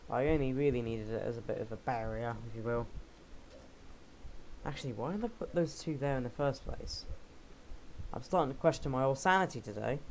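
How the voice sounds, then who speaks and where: A man's voice: medium pitch, brisk, pauses often, poor audio. Give me a young man narrating his gameplay casually, rambling and joking at his own expense, over a faint hiss. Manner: rambling, jokey, self-mocking asides. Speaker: game let's player.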